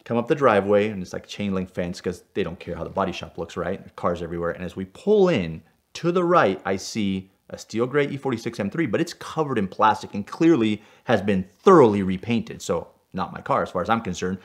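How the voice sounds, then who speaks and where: A man from Puerto Rico telling a personal car story in an animated way. He gets worked up as he goes and often checks in with "right?". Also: fairly low pitch, a little fast. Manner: excitable, tags lines with "right?", gets worked up as he tells it. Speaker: stunt driver telling car stories.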